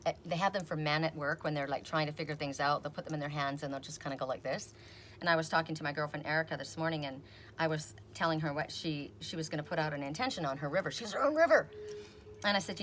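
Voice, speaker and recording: A middle-aged woman reading oracle cards in a casual, rambling chat, telling stories and quoting people in animated voices. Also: low-pitched, slight background noise. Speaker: oracle card reader. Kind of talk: casual chatty video reading.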